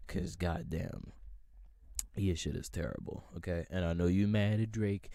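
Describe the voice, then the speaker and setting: A man's voice: low voice, a little slow, gravelly, no room sound, studio quality. A young man hosting a podcast, delivering a heated, profane music rant with exasperated energy. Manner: animated, profane, exasperated ranting. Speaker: podcast host.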